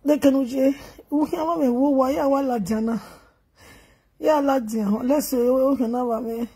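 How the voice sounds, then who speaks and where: A woman's voice: high voice, moderate pace, dark tone, slightly rough. A middle-aged Nigerian woman vlogging, wailing and chanting in grief before telling a sad story in gossip style. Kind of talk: emotional lament and gossip.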